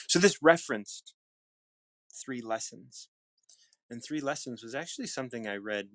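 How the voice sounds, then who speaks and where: Low-voiced man musing calmly. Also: dry recording. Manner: musing, unhurried, with restarts and shifts into soft tones. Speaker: host of a daily reading show. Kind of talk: reflective reading and casual talk.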